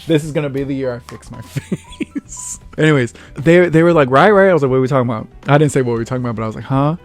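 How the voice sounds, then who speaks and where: A young man hosting his own vlog, telling childhood stories in a casual, animated way, laughing often and acting out other people's lines. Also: medium pitch, fast talker, soft background music. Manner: animated, laughs often, acts out quotes in raised voice. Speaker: vlog host. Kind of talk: casual storytelling monologue.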